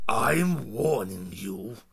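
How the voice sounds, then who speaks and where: A man voicing a blustering, bullying middle-aged man who speaks slowly and heavily. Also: medium pitch, expressive, vocal fry, a crowd in the background, full character voice. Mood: threatening. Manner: slow, heavy, threatening.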